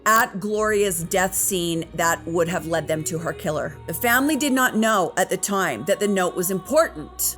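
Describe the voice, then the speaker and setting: A woman hosting a true crime show, retelling a case in a casual, conversational way. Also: medium pitch. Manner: conversational, plain-spoken retelling. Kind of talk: casual storytelling narration.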